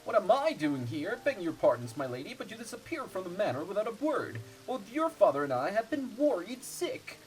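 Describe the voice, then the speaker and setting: Streamer doing a fussy household servant voice, formal, fretful, swooping pitch. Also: male voice, very animated, a little fast, few pauses, faint music behind, poor audio.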